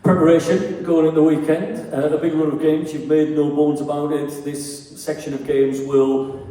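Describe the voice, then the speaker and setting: A man's voice: a little high, little pitch movement, normal speed, mellow. A man hosting a stage event, putting direct questions to a guest. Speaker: event host, interviewer. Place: large hall at a live event. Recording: echoey hall with crowd, mic from far off.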